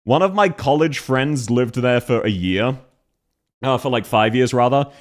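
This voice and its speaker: A man's voice: medium pitch, a little slow. A young man with a Canberra Australian accent, casually chatting on a live stream, laughing and swearing often.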